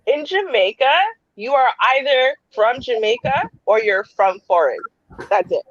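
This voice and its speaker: A woman's voice: on the high side, a little slow, no room sound, highs cut off. A woman raised in Canada, hosting a casual chat and telling stories with frequent laughs. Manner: laughs often, relaxed storytelling. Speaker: podcast host.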